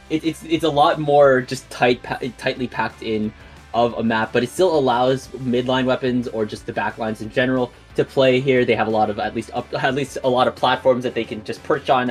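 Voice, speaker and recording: A man's voice: mid-range voice, faint music behind. A man commentating an online video game tournament live, calling the action and laughing along. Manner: rapid excited play-by-play, laughing. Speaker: esports commentator. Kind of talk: play-by-play commentary.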